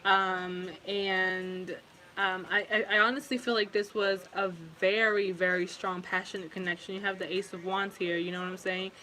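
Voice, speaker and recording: A woman's voice: mid-range voice, little pitch movement, moderate pace, pushed and bright, slight background noise, rough recording. A young woman giving a casual tarot reading, rambling and emotional, with lots of fillers and swearing. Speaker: tarot reader.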